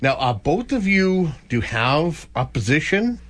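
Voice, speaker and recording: A man's voice: fairly high pitch, unhurried, dry recording. A man hosting a radio talk show in a studio, talking casually with many restarts. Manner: chatty, animated, frequent restarts.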